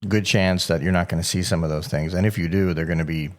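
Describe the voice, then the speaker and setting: Low-voiced man thinking aloud. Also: fairly even intonation, fast, a little mellow. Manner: thinking aloud, restarts, builds a point. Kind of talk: casual chat.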